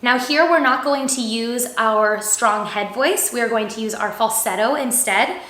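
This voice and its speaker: A woman's voice: on the high side, a little slow, pushed and bright. A young woman teaching a singing lesson, upbeat and encouraging as she demonstrates exercises and keeps checking in with her students. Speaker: vocal coach. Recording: echoey room.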